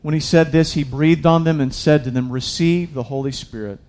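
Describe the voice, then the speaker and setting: A man's voice: fairly high pitch, moderate pace, a little mellow. Man preaching a casual, conversational sermon. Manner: conversational preaching, addresses listeners as guys, many restarts. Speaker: pastor.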